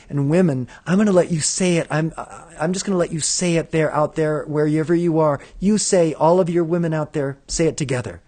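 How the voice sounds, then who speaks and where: A man leading a live spiritual invocation session, chanting decrees in rhythmic, repeated lists and dropping into relaxed asides to listeners. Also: a little high, brisk, few pauses. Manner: rhythmic, incantatory, repeating lists with rising emphasis.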